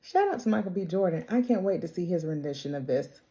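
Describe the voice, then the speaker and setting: Chatty woman with a mellow voice. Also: on the low side, expressive. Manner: chatty and slangy, quotes characters in quick impressions; laughs often, talks straight to the characters. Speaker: TV recap vlogger. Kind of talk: casual TV episode recap.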